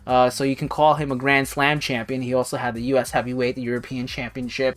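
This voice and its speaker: A woman's voice: very deep voice, level tone, fast, few pauses, soft background music. A woman hosting a hobby channel, talking through an unboxing in a casual, rambling way with lots of fillers. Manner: rambling, chatty, many fillers.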